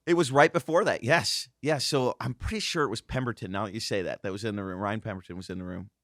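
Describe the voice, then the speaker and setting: A man in his thirties telling a casual, animated story on a podcast, acting out the voices of the people in it. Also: fairly low pitch, fast talker, dry recording, clean studio sound. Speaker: guest host, former racing driver.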